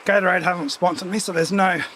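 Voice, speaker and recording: A man's voice: sits high, fairly even intonation, quick pace, fairly bright tone, a little hiss or hum, poor audio. A man with a runny nose from a cold, chatting casually and rambling with asides while riding on a home trainer as a stream host. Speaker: streamer hosting a cycling ride-along.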